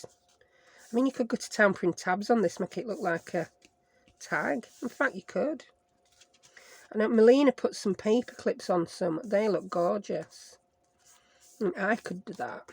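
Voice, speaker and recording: An unhurried, husky woman's voice at medium pitch, with vocal fry and long pauses, and no room sound at all. This Sheffield-accented craft vlogger chats through a project, rambling, self-mocking, and coining playful words.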